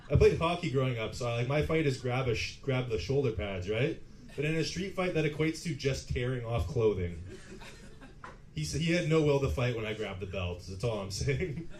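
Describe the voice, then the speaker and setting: A man's voice: mid-range voice, a little mellow, a little hiss or hum. A man in his twenties with a Canadian accent, telling self-mocking stories at a pub open mic and laughing at his own jokes. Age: 20s. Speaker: stand-up comic. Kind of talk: stand-up comedy set.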